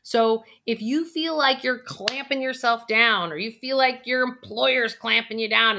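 Middle-aged woman, financial coach, bright voice, animated motivational delivery. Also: fairly high pitch. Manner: energetic, animated, acts out quotes. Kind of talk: motivational talk.

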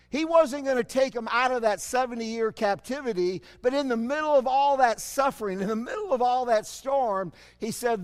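A man preaching a sermon, asking the congregation rhetorical questions, with animated swells and sudden drops in loudness. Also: very high voice, moderate pace, hardly any pauses, smooth. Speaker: pastor. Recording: long hall reverb.

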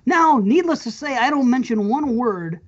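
A woman's voice: high voice, expressive, moderate pace. A woman hosting a podcast in casual chat, rambling, laughing often and swearing casually. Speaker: podcast host. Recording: muffled lo-fi audio.

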